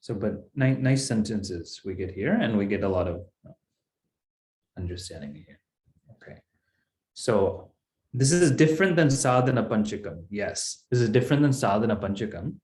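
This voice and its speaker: A man's voice: on the low side, lively intonation, normal speed, a little mellow, reverberant. A man teaching a Sanskrit text in an online class, explaining step by step in a patient way.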